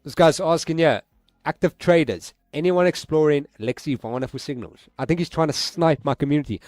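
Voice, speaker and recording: A man chatting casually to his viewers during a live stream, excitable and laughing, swearing freely and using street slang. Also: a little high, fairly quick, no echo, clean studio sound. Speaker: livestreaming forex trader.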